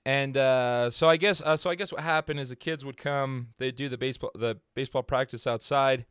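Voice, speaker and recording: A man's voice: mid-range voice, steady tone, fairly quick, hardly any pauses, fairly bright tone, smooth, no echo, studio quality. Rambling man telling a story casually. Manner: rambling, filler-heavy, laughs at own jokes. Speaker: podcast host.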